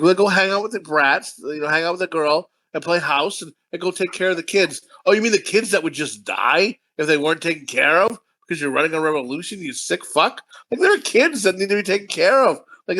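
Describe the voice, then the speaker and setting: Podcast co-host: raised, gravelly male voice, bright tone, rambling profane storyteller. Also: fairly high pitch, lively intonation, fairly quick, hardly any pauses. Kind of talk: casual movie review chat.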